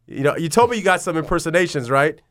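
A man's voice: fairly high pitch, fast talker, no room sound, clean studio sound. A man in his thirties, a basketball agent, talking casually in an interview and rambling through his story with plenty of swearing. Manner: rambling, profane, animated storytelling.

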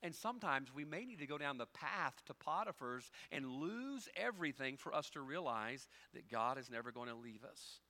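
Folksy pastor with a bright voice. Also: male voice, mid-range voice, expressive, normal speed, hardly any pauses. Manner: swings from quiet storytelling to loud, climbing preaching; folksy, conversational preaching with rhetorical questions. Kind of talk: sermon.

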